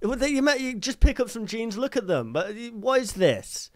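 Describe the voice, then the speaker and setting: A man's voice: very high voice, big pitch swings, normal speed, darkish tone, no room sound, studio quality. A man streaming, reacting to videos with jokes, laughter and swearing. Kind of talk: casual reaction commentary.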